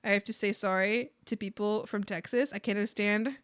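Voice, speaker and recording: A woman's voice: mid-range voice, steady tone, a little fast, clean tone, no echo, studio quality. A Canadian woman from the Maritimes chatting casually on a live art stream, bubbly and giggly, rambling with lots of fillers.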